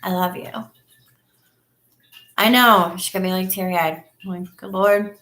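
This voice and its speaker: A woman's steady, slightly bright voice comes at a measured pace as she hosts a casual home live stream, gushing and chatting with viewers over webcam. She likes to replay her past lines in a higher voice, and the audio has an echoey room quality.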